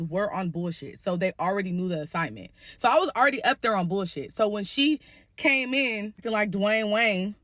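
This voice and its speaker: A woman's voice: mid-range voice, a bit bright, no room sound. Blunt, profane woman telling a story. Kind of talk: casual storytime vlog.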